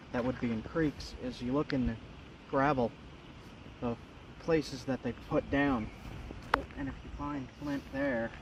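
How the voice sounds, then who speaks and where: A man from Long Island talks straight to his viewers while he explores a woodland creek. He is chatty and quick to get excited, often breaking into laughter, with a middle pitch for a man. Steady outdoor noise runs under the whole recording. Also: gravelly. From Long Island, New York. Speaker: outdoors vlogger. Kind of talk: casual outdoor vlog narration.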